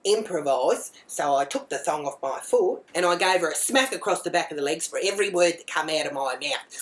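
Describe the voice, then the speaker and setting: Blunt, crude mum, lowish voice. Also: female voice, expressive, fairly quick, few pauses. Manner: blunt, crude, swears freely, rambling asides. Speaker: mother. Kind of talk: comic character monologue.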